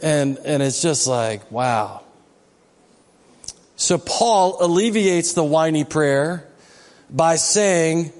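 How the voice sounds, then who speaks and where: A man's voice: on the high side, lively intonation, very slow, pauses often, darkish tone, big-room sound. A man preaching a sermon as pastor, with a conversational, joking manner that rises into emphatic exhortation. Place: church sanctuary.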